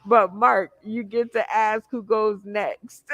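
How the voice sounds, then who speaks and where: A woman's voice: medium pitch, steady tone, takes it slowly, a bit bright, no echo, faint music behind. A woman hosting a virtual comedy game on a video call, laughing as she directs the players. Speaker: host.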